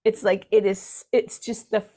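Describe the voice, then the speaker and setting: A woman's voice: medium pitch, flat delivery, unhurried, warm tone. A woman co-hosting a radio talk show, telling a story in an enthusiastic, chatty way full of ums. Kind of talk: casual chat. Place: radio studio.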